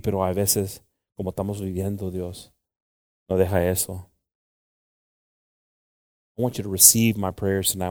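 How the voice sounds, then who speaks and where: In a dry studio recording, a man with a low, darkish voice gives a bilingual sermon and prayer as a pastor. He shifts between Spanish and English, calling repeatedly on the Lord and Jesus in pleading tones.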